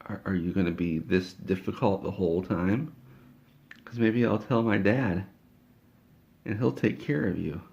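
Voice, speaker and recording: A man voicing a bossy little girl who hosts a coffee party, in a soft low speaking voice. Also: unhurried, creaky, long pauses, dull audio.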